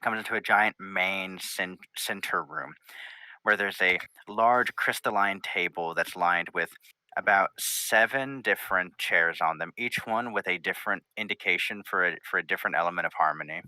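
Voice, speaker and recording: A man's voice: deep voice, moderate pace, bright, forceful tone, no room sound, rough recording. A man narrating a tabletop game as game master, rambling through scene description with many fillers.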